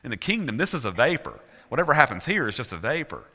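A man's voice: mid-range voice, very animated, fast, sharp tone. A male pastor with a Southern US accent preaching a sermon earnestly, with emphatic repetition. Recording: reverberant church hall.

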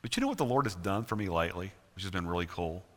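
A man's voice: low-pitched, expressive, rapid-fire. A male pastor with a Southern US accent preaching a sermon earnestly, with emphatic repetition. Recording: reverberant church hall.

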